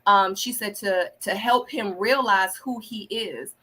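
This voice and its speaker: A woman hosting a casual live review of a reality show, talking fast and acting out what people said. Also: slightly rough. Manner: animated, acts out quotes with big pitch jumps.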